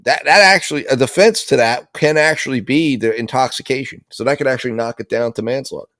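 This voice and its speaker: A man's voice: medium pitch, quick pace, fairly bright tone, dry recording, studio quality. A man giving casual, rambling commentary on a criminal trial, with lots of restarts and repeated words.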